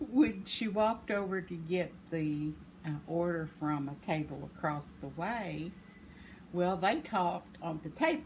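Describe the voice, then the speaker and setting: An older woman, casually telling a rambling story with self-deprecating chuckles. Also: fairly low pitch. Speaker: vlogger. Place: home. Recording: noisy home recording.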